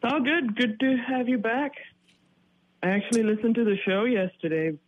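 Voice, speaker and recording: A man calling in to a morning radio show, chatting in a relaxed way. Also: very high voice, moderate pace. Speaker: caller. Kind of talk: casual phone call to a radio show. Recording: tinny phone line.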